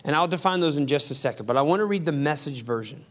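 High-voiced conversational male pastor. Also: expressive. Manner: conversational, quick asides, emphatic repetition. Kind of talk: sermon.

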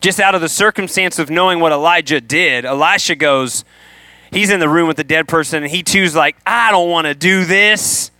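A man preaching a sermon to a room, animated, acting out the people he quotes. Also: on the high side, fairly quick, dry recording. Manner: animated, acts out quoted voices.

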